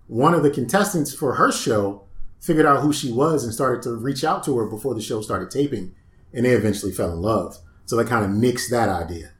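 Male podcast co-host, mid pitch, dry offhand remarks, echoey room. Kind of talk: casual comedic chat. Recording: roomy echo.

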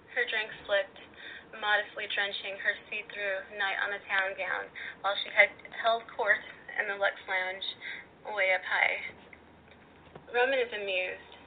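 A woman calling in to a radio show, reading her own story aloud in an expressive, teasing way. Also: medium pitch. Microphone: phone. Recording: tinny phone line, faint noise.

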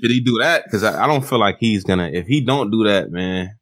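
A man co-hosting a casual chat about battle rap, animated and slangy, often mimicking people. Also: lowish voice, brisk, dry recording.

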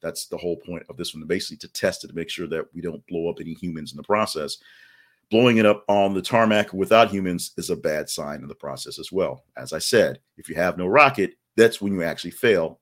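Low-voiced man doing casual news commentary. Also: a bit bright. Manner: chatty, wry asides, frequent restarts. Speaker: podcast host.

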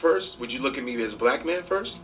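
A man being interviewed as a comedian, talking in an animated, profane way and acting out voices as he goes. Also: medium pitch, quick pace, soft background music. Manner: profane, acts out voices and quotes. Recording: distant tinny sound with faint hiss.

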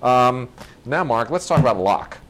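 A man's voice: medium pitch, animated, a little slow, fairly bright tone, a little hiss or hum. A man co-hosting a casual movie review chat, enthusiastic and rambling, often restarting and correcting himself mid-sentence. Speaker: film review co-host.

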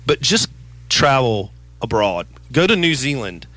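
A man's voice: mid-range voice, sing-song, measured pace, pushed and bright. A man with a Southern US accent co-hosting a sports radio show, joking in easygoing banter.

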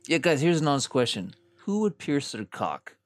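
A man's voice: on the high side, sing-song, moderate pace. A young man co-hosting a comedy podcast, chatting casually with a teasing, laughing manner. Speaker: podcast co-host.

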